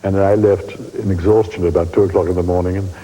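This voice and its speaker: An elderly English man with a very husky, breathy voice that sits low and mellow. He tells wry, anecdotal stories from the stage and chuckles often as he reminisces. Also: fairly even intonation, fast, low-quality recording. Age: 80s. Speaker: veteran stage actor interviewed. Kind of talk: reminiscing interview.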